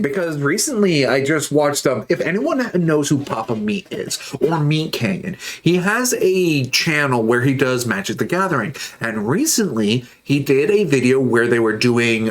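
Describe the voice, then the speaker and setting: A man's voice: mid-range voice, very animated, a little slow. Rambling, joking male streamer. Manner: rambling and joking, reacting to chat messages. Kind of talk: casual livestream chat while building models.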